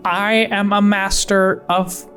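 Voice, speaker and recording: A man voicing a squawking female parrot lawyer who talks haltingly and interrupts herself with squawks. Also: high-pitched, level tone, pushed and bright, soft background music, pitched above the performer's own voice, full character voice. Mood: awkward.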